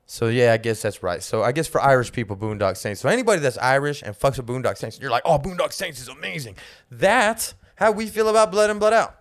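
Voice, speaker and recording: A man's voice: medium pitch, animated, fast, few pauses. Male co-host, casual slangy talker, curses a lot, repeats himself mid-point. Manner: loose slangy talk, swears freely, stumbles over repeated words when making a point. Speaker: podcast co-host. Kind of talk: casual chat.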